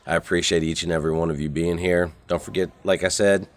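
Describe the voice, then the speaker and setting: A man with a low, deep voice talks to his viewers in a relaxed, folksy vlog style. He is recorded outdoors at a campground on a camera mic. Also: quick pace. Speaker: outdoor vlogger. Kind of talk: casual vlog talk to camera.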